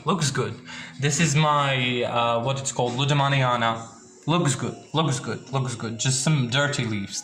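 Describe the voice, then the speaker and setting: With a mid-range, fairly bright voice, a young man walks through his orchid collection in a casual vlog shot at home among plants and boxes. He often starts over mid-sentence and peppers his rambling with "yeah?"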